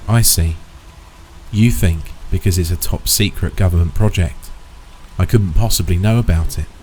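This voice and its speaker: A man's voice: sits low, dark tone, slight background noise. A man voicing a wealthy, domineering middle-aged father who talks down to others with blunt contempt. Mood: smug. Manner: blunt, bullying, dismissive.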